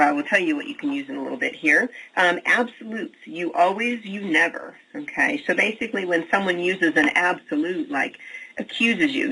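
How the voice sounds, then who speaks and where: A man's voice: fairly high pitch, vocal fry, bright, forceful tone, breathy edge, poor audio. A man giving a recorded webinar as a leadership trainer, explaining step by step and often restarting his sentences. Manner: explanatory, with restarts and repeated words.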